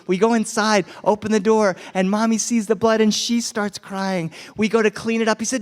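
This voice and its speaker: A man telling a personal story live to families, animated and acting out voices, dropping in Spanish phrases. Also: high-pitched, fairly quick, hardly any pauses, in a large hall. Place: festival tent, live audience.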